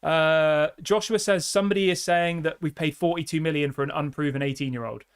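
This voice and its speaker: Young male streamer, upbeat fan chatter, slightly high voice, reads comments aloud. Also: fairly quick, clean tone. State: out of breath. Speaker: fan channel host. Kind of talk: live-stream fan chat.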